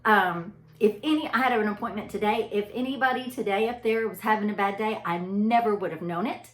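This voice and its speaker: A woman's voice: mid-range voice, brisk. A middle-aged woman tells stories in a chatty, direct way, as if talking to friends. Her voice sits in a middle register and rings in an echoey room. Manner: chatty storyteller addressing listeners directly. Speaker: anesthesia provider. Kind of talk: casual motivational talk.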